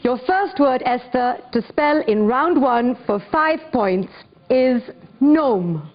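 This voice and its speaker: A woman hosting a spelling competition, speaking in a clear, measured and encouraging way. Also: high voice, animated. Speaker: quiz host. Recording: dull lo-fi broadcast audio with faint music.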